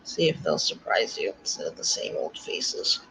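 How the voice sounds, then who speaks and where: A man's voice: moderate pace, sharp tone, a little hiss or hum. A man joining a casual chat over a voice call, sounding tired. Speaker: guest on a chat stream. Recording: muffled lo-fi call audio.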